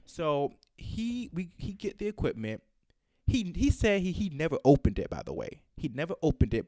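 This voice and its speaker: A man's voice: on the high side, fairly quick, no echo. Chatty man telling stories, dry sound. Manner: animated storyteller, acts out callers' quotes. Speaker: podcast host. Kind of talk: casual chat.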